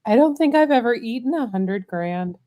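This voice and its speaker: A woman's voice: on the high side, animated, normal speed, dark tone. A woman who is coming down with a cold and losing her voice, chatting dryly and self-deprecatingly on a talk show. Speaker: regular guest professor. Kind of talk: casual call-in chat.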